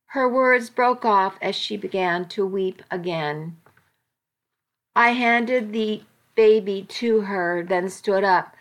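A woman narrating a novel in the first person, with a gentle, deliberate reading. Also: mid-range voice. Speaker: audiobook narrator.

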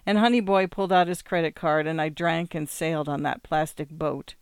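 A man's voice: fairly high pitch, fairly even intonation, fairly quick, clear, resonant tone, no room sound, clean studio sound. A man reading a first-person story aloud in a wry, plain-spoken way. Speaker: audiobook reader.

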